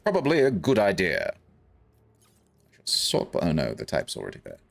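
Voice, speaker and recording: A man's voice: sits low, huge pitch swings, moderate pace, gravelly, slight background noise. A young man casually talking through game stats while playing with friends. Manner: laid-back, muses aloud over game stats. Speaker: gamer co-player. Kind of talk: casual gaming banter.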